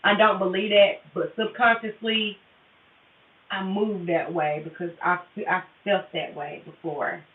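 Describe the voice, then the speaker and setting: A woman's voice: medium pitch, steady tone, a little slow. A woman livestreaming a tarot session, talking candidly and profanely straight to her viewers in casual chat. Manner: candid, profane, confessional, addresses viewers directly. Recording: tinny phone-like audio, roomy and distant.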